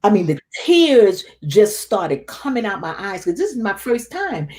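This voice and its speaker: An interview guest recounts a painful personal story, speaking with feeling and often repeating words as she relives it. Her mid-range voice is a little mellow and very animated, yet unhurried.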